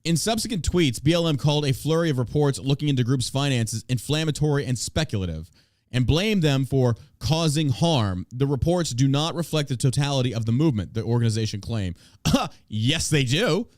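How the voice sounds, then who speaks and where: A man's voice: medium pitch, lively intonation, fairly quick, darkish tone, dry recording, studio quality. An American man hosting a podcast, ranting in a profane, combative and sarcastic way. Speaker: podcast host. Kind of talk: opinion podcast rant.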